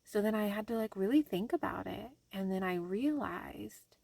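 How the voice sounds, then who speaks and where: A woman's voice: medium pitch, lively intonation, normal speed, vocal fry, darkish tone, no room sound. A young adult woman speaking candidly in a personal diary vlog, telling a story with a loose, rambling flow full of fillers. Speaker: vlogger.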